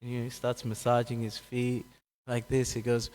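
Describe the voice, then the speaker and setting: A man's voice: completely flat delivery, moderate pace, darkish tone. Guy giving a scripture class, tells the stories casual, does little voices for the characters, long echo off the hall. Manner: acts out quoted characters with raised pitch, laughs often, corrects himself. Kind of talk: casual scripture talk with storytelling.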